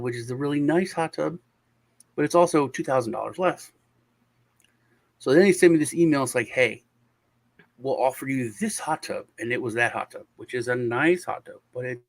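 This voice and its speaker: Guy rambling thru a story on a video call, lots of sighs n restarts. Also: medium pitch. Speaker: show host. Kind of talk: casual chat on a video call.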